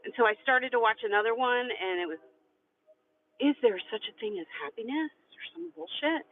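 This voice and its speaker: Out on a sweltering city street, this woman livestreams a story at a moderate pace, her fairly high voice full of lively intonation. Breathless and talkative, she performs the quoted voices of others. The audio is phone-quality with slight hiss or hum.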